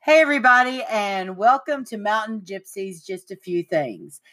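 A middle-aged woman hosting a casual chat podcast, telling stories with lively, acted-out quotes. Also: moderate pace. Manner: animated storyteller, acts out quotes with big pitch jumps. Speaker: podcast host.

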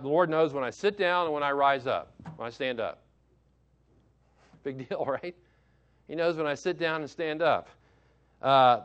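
A man's voice: fairly high pitch, a bit bright. A male pastor preaching a sermon from behind a church pulpit. He reads scripture aloud, asks the congregation questions and repeats key phrases for emphasis.

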